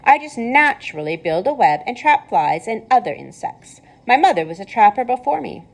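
A woman voicing a pleasant, clever female spider with a thin voice, calm and matter-of-fact in a storybook read-aloud. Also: fairly high pitch, normal speed, creaky, voice pushed up, full character voice. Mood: calmly explaining.

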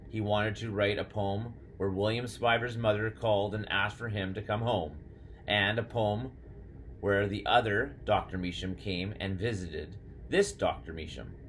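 Low-voiced male audiobook narrator. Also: fairly bright tone, a little hiss or hum. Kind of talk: scripted narration.

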